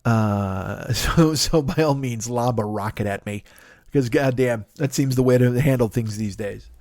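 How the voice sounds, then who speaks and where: A man's voice: medium pitch, a little slow, no echo. A man in his forties riffs through a comedic monologue, profane and full of tangents. His voice sits in the middle range. The sound is dry and close to the mic, with no room around it. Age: 40s. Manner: profane, rambling, animated asides. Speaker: podcast host.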